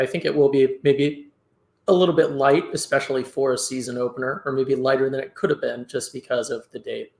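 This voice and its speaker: A man's voice: medium pitch, vocal fry, fairly bright tone. Man on a podcast in an echoey room. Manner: measured, explanatory, with "uh" and "you know" fillers. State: tired after a long workday. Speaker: podcast co-host. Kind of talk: casual sports podcast chat. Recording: roomy echo.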